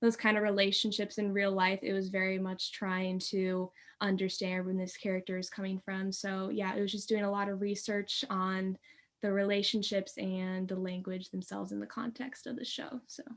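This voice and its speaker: Halting, flat-voiced young woman chatting. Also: medium pitch. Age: late teens. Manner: halting, many fillers, giggly. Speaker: student performer. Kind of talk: casual chat.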